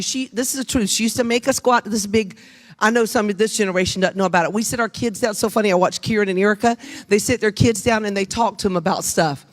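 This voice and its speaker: An older woman preaching a Mother's Day sermon in church, humorous and lively, calling on the congregation to answer back. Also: mid-range voice, fast. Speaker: guest preacher. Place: church sanctuary.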